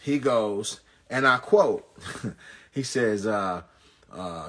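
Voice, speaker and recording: A pastor, recapping an event as a comedic story, full of quick jokes and asides. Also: male voice, mid-range voice, background noise. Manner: animated, jokey, rapid asides and punchlines.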